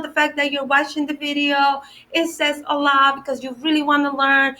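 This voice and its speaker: High, bright-voiced woman teaching kids. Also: monotone, moderate pace. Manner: upbeat, encouraging, talks warmly to children. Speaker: children's Spanish teacher. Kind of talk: slow, repeated vocabulary drill for kids.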